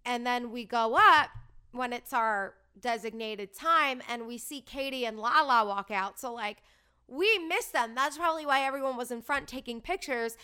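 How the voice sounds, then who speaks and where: A woman's voice: on the high side, normal speed, bright, forceful tone, smooth. A woman in her thirties telling a story in a casual, chatty way, gushing and peppering her talk with "like". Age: 30s. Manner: bubbly, gushing, lots of "like".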